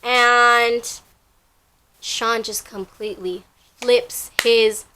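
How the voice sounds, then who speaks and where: A young woman casually retelling a workplace story, chatty and animated, with lots of filler words. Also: a little high, drawn-out words, noisy background. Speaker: storytime vlogger.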